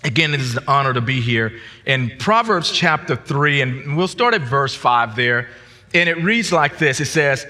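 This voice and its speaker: A man preaching as a guest pastor, restarting his phrases and rising to shouts at the peaks. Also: medium pitch, animated, moderate pace, in a large hall. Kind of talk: sermon.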